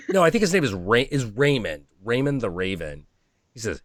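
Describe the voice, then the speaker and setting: A man streaming casually, profane and animated, acting out animal voices as he talks. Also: mid-range voice, moderate pace, no room sound. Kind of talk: casual chat.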